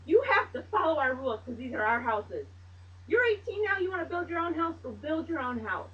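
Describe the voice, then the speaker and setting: A woman with a high, bright, sharp-edged voice scolds and lectures her grown child, swearing as she argues. She sounds set back from the microphone, somewhere in a family home. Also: sing-song, brisk, recorded from a distance, muffled recording. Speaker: mother. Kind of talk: heated family argument.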